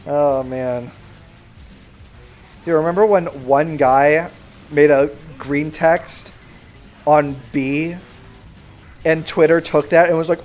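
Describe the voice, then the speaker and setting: A young man livestreaming a game, bantering loudly and sarcastically with his chat in mock outrage. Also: a little high, steady tone, slow, long pauses, faint music behind. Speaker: streamer. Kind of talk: live gaming stream chatter.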